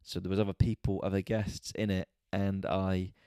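A man vents through a casual, swear-heavy monologue, his voice sitting fairly low and sounding soft and mellow. He sounds exasperated and animated as he tells his story, recorded close and dry with almost no room sound. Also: moderate pace, clear, resonant tone, no room sound. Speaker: podcast host and stand-up comedian.

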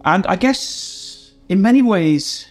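An older English man, a game designer being interviewed, telling anecdotes in a lively way and acting out the voices of people he quotes. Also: sits high, slow pace, soft background music. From England. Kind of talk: animated storytelling in an interview.

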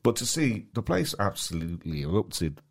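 Deep-voiced Mancunian man chatting. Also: big pitch swings, moderate pace, vocal fry. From Manchester. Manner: rambling, stop-start, lots of restarts. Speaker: podcast co-host. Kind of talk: casual chat.

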